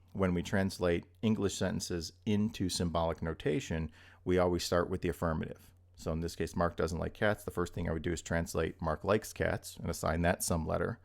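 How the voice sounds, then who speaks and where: A man's voice: deep voice, gravelly, a little mellow. A man giving a recorded logic lecture, explaining patiently and checking in with frequent asides to students. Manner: explanatory, repeats points with frequent "right?" checks. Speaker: logic instructor.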